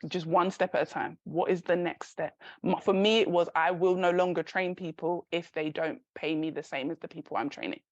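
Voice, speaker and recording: A woman's voice: fairly low pitch, steady tone, a little fast, hardly any pauses, no room sound. Candid woman coach, dry dull sound. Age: 40s. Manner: candid, encouraging, laughs easily. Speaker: career and confidence coach, guest. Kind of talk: podcast interview, casual advice.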